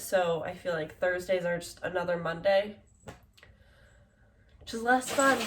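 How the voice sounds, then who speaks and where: A woman's voice: medium pitch, slight background noise. A woman in her twenties chatting casually in a book vlog, rambling with lots of fillers. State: tired, yawning. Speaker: book vlogger.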